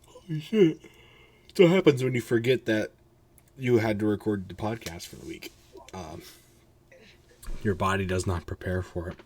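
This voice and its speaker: A man's voice: fairly low pitch, normal speed, long pauses, a little mellow, husky. A man hosting a casual podcast, sounding tired and rambling, swearing freely and restarting his sentences. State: tired, yawning. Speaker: podcast host.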